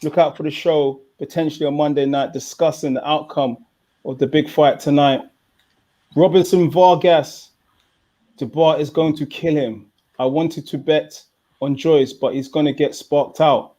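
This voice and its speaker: A man's voice: a little high, steady tone, unhurried, warm tone. Upbeat English man hosting a watchalong. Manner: chatty, reads out viewer comments. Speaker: host. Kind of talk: casual live watchalong chat.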